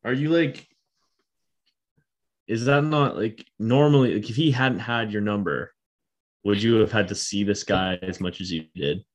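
A man's voice: on the low side, unhurried, long pauses. A man in casual chat who asks short, incredulous follow-up questions.

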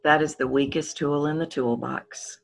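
A woman voice coach talking in an interview, explaining with lively demonstrations. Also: moderate pace, vocal fry. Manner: expressive, swoops pitch to demonstrate points. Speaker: voice coach guest. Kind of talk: animated interview talk.

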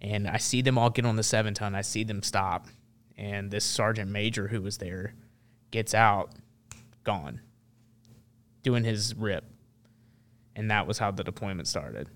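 A man's voice: fairly low pitch, a little slow, pauses often. A man, a military veteran, telling a story as a podcast guest in a loose, rambling way full of restarts. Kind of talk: casual storytelling.

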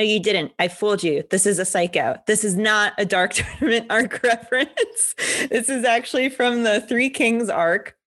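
A woman's voice: mid-range voice, a bit bright. A woman co-hosting a casual anime discussion, talking with playful, teasing asides. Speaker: co-host.

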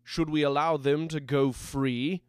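A sly, menacing rebel mage leader who lingers over each word, as a man puts him on in a story reading. His voice stays smooth and clean, recorded close and dry. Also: a little high, steady tone, a little slow, no echo, natural voice. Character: cruel charismatic male rebel mage leader.

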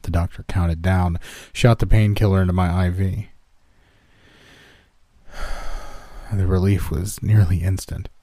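A man reading a first-person horror story in calm, scripted narration, lifting his voice for quoted characters. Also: low voice, normal speed, few pauses, no room sound, clean studio sound.

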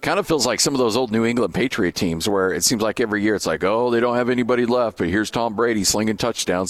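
A man hosting a live sports radio show, chatting casually and laughing easily. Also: lowish voice.

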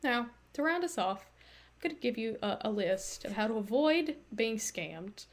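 A woman's voice: fairly high pitch, moderate pace. A woman hosting a podcast, telling a story in a chatty, casual way with lots of fillers. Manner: chatty, animated, many fillers and likes. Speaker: podcast host.

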